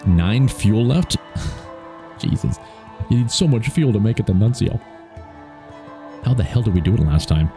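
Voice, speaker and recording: A man's voice: lowish voice, expressive, unhurried, pauses often, dark tone, soft background music. A man hosting a let's play, chatting playfully and reacting aloud to the game. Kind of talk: casual gameplay commentary.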